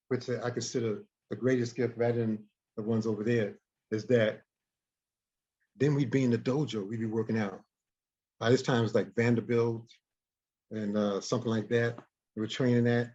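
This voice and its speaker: Guy telling a story in an interview, animated, repeats himself, mid voice, muffled lo-fi audio. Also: mid-range voice, normal speed, pauses often. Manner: animated storyteller who repeats and restarts words. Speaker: guest. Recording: dull lo-fi recording.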